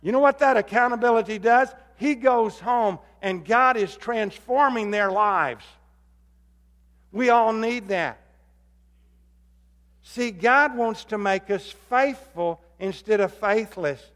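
A man preaching a sermon as pastor, swinging between loud emphatic calls and low hushed appeals. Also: takes it slowly. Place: church sanctuary. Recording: long hall reverb.

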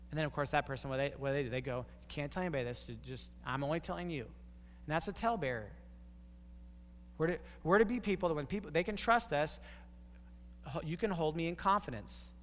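Male pastor, slightly higher voice, sermon delivery in a long-reverb hall. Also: lively intonation, a little fast, long pauses, a bit bright, slight background noise. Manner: storytelling with quoted voices, emphatic repeated points.

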